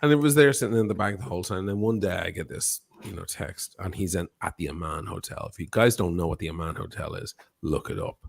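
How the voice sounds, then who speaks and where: Man, low-ish voice, casual live-stream storyteller, profane, acts out the quotes. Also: fast, creaky, few pauses, slightly rough. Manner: profane, animated anecdote with acted-out quotes. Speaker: watch channel host.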